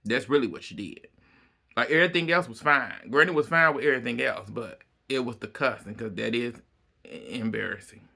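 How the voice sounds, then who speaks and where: A man casually recapping a reality show, retelling scenes as an animated storyteller. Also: medium pitch, fairly quick, gravelly. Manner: animated storyteller, acts out quotes.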